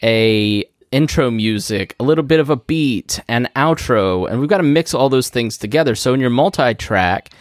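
A man hosting a podcast, casually explaining recording step by step with quick asides, from a studio microphone. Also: medium pitch, expressive, no echo. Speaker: podcast host. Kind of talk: casual instructional talk. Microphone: studio podcast microphone through a mixer.

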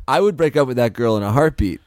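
A man's voice: mid-range voice, expressive, darkish tone, dry recording, clean studio sound. Self-mocking young male podcast co-host. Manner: self-mocking, joking, halting restarts. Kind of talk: casual comedic chat.

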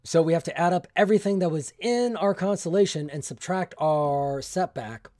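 A man's voice: a little high, moderate pace, dark tone, no room sound, clean studio sound. Man narrating a solo tabletop game. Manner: reads game text aloud, then narrates in character as a ship captain. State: getting over an illness. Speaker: solo tabletop game player and podcast host.

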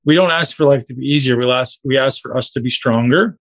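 A man's voice: medium pitch, fairly quick, few pauses, fairly bright tone. A man coaching a group on a call, talking casually and directly to his listeners.

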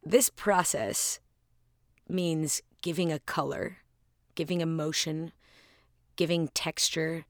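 A woman host telling a personal story in a casual, animated way. She laughs often at herself and acts out both sides of a conversation. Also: low voice, slow, pauses often, no room sound, studio quality. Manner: casual, self-deprecating humor.

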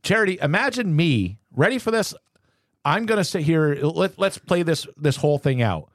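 A man's voice: a little high, sing-song, normal speed, a bit bright, no room sound, studio quality. A man hosting a casual podcast from a cluttered home office. He rants in frustration and fires off rhetorical questions. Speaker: podcast host. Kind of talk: casual opinionated chat.

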